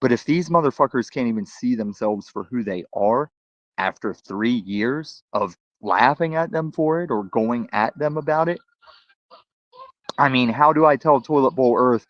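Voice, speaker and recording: A man's voice: medium pitch, moderate pace, no echo. Male streamer in a heated, mocking rant, muffled dull recording. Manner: mocking, profane, calling out other people. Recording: dull lo-fi sound.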